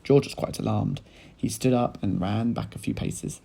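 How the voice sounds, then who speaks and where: A male teacher reading a children's book aloud in lively storytelling style, speaking to his pupils. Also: on the low side, normal speed, gravelly, low-quality recording. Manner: animated storytelling, addressing children.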